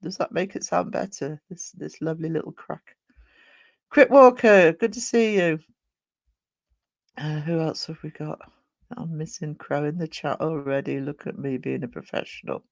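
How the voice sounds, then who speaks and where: A live streamer chatting casually with viewers, croaky from a sore throat, rambling with many ums. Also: medium pitch, moderate pace, no room sound.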